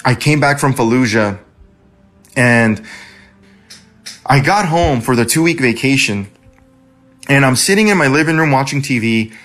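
A man's voice: medium pitch, animated, unhurried, pauses often, fairly bright tone, faint music behind. A man from California, an Army veteran, telling his own war story in a conversational way, restarting phrases now and then. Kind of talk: personal storytelling.

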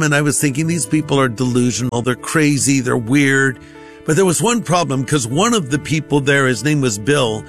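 A man's voice: a little high, a bit bright. A male pastor telling a personal testimony in a conversational sermon style, acting out the voices of others. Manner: conversational, acts out quoted voices.

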